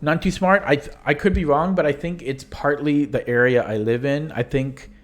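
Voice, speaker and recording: Hoarse man in casual stream commentary. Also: medium pitch, moderate pace. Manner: rambling and self-correcting, often trailing off. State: losing his voice. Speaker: chess streamer reviewing his tournament games.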